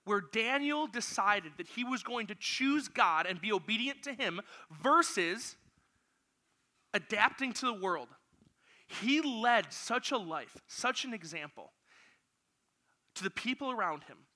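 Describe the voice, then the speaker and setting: In a church room, a youth pastor with a high, strikingly bright voice preaches to a youth group at an unhurried pace. He speaks with energy and playfully directs volunteers as they act out a Bible story, giving it the feel of a lively youth sermon.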